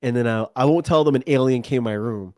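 A man speaks as a guest in a relaxed interview, his voice sitting in an ordinary middle range. He rambles and slips into acting out little quoted remarks. The sound is dry, with no room echo at all. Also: mid-range voice, quick pace. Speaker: podcast guest. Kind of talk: casual interview talk.

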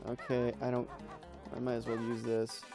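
A man's voice: medium pitch, completely flat delivery, moderate pace. A young man giving casual commentary over a game, rambling, swearing and yelping at what happens on screen. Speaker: gameplay commentator. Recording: faint music under the voice.

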